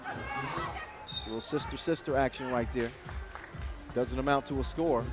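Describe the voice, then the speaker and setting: A man calling a basketball game live, quick and jokey, with excited bursts on big plays. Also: mid-range voice. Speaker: play-by-play commentator. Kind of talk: live sports commentary. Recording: commentary over loud arena music and crowd.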